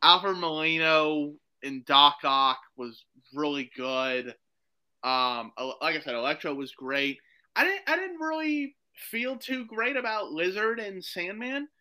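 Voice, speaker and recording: Man, podcast guest, rambling and excited, slightly high, very bright tone. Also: measured pace, smooth, rough recording. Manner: excited, rambling, full of "like" and "you know". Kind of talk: casual chat.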